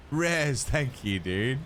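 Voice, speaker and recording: With faint music in the background and slight noise, an Australian man gives casual live commentary on a game he's streaming. His mid-range voice is a bit bright, and he swears freely while reading his viewers' chat messages.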